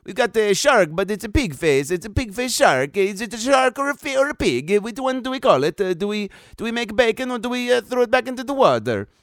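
A man putting on a loud, exaggerated Italian accent, voicing an excited, baffled Italian sailor. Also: high-pitched, brisk, few pauses, no echo, clean studio sound, pitched above the performer's own voice. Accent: put-on Italian. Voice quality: loud, exaggerated, sing-song.

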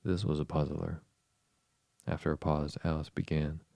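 A man narrating an audiobook in a measured, even way. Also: very deep voice, vocal fry, no room sound.

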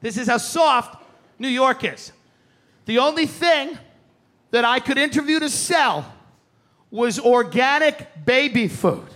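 A man's voice: extremely high pitch, animated, takes it slowly, long pauses, bright, forceful tone. A man doing a stand-up comedy set on a theater stage, ranting brashly and with plenty of profanity. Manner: brash, profane, aggressive rants. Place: theater stage before a live audience. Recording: stand-up recording with crowd noise.

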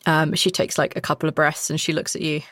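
Low-voiced woman narrating a tabletop game. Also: flat delivery, quick pace, fairly bright tone, no echo, clean studio sound. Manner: casual, full of fillers like "like" and "um". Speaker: game master. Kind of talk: narrating a tabletop role-play.

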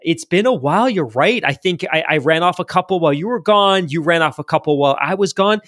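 Man, podcast co-host, casual chat, animated storyteller, slightly high voice, dry close mic. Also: fast talker, no echo. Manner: animated storytelling with quoted asides.

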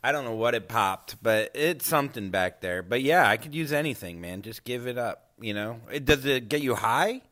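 A man's voice: mid-range voice, lively intonation, moderate pace, hardly any pauses, fairly bright tone. A man guesting on a podcast, bantering with crude jokes. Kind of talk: casual podcast chat.

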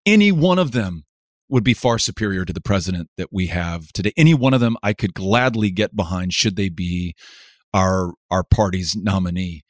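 A man's voice: sits low, expressive, dry recording, clean studio sound. A middle-aged man from West Texas, a politician answering interview questions in an earnest, reflective way, often restarting his words and stacking parallel phrases. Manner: earnest, halting with repeated starts, lists in rhythmic parallel phrases.

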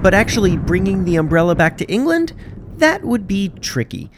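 A man's voice: high voice, sing-song, normal speed, a little hiss or hum. A man hosting a podcast, narrating from a script with wry, sarcastic asides. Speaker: podcast host.

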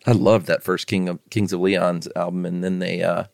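A man's voice: deep voice, little pitch movement, moderate pace, vocal fry, darkish tone, dry recording, clean studio sound. A man co-hosting a podcast, laid-back and wry, chatting and reading out listener mail. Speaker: podcast co-host.

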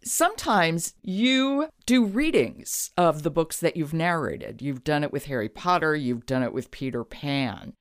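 A woman's voice: low voice, animated, measured pace, few pauses. A woman interviewing an audiobook narrator and asking curious, appreciative questions.

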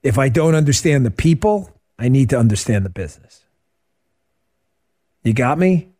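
A middle-aged man hosting a radio talk show, chatting casually and answering listener questions as an animated, joking storyteller. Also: mid-range voice, moderate pace. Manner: animated, joking storyteller who acts out quotes.

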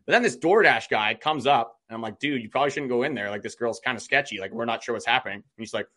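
A man co-hosting a podcast, telling a story in a casual, rambling way and quoting what he said. His voice is bright and forward at a mid pitch. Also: quick pace. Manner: chatty, many "like" fillers, quotes himself. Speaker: podcast co-host.

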